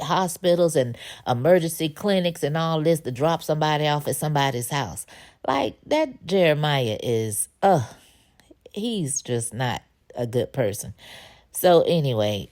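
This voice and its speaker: A woman hosts a casual recap of a TV episode, her voice sitting low in its usual range. She tells the story in a slangy, conversational way. When she quotes the characters she acts them out, and her voice jumps up high. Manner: animated, acts out characters' lines with pitch jumps. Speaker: TV recap host.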